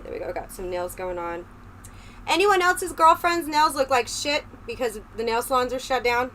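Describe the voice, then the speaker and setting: A woman livestreamer with a slightly high voice talks straight to her chat in a loose, rambling way. She is close on a desk microphone at home, with a low fan humming faintly behind her. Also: a bit bright. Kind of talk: casual livestream chat with viewers. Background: low fan hum.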